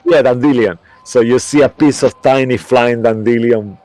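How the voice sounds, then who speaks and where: A man's voice: medium pitch, normal speed, a little mellow, dry recording. A man running a tabletop game as game master, narrating in a rambling way and searching for words.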